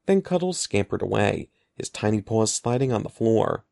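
A man narrating an audiobook in an expressive, lively storytelling manner. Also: lowish voice, normal speed, gravelly, no room sound. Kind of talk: scripted narration.

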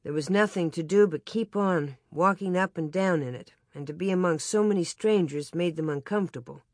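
An audiobook narrator reading a children's story aloud in an even, clear way. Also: mid-range voice, fairly quick, no room sound, clean studio sound.

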